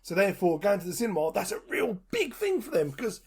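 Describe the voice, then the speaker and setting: A man's voice: high voice, huge pitch swings, fast talker, over a noisy crowd. A man co-hosting a podcast, telling stories in an emphatic, casual way. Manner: storytelling, emphatic. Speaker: podcast co-host.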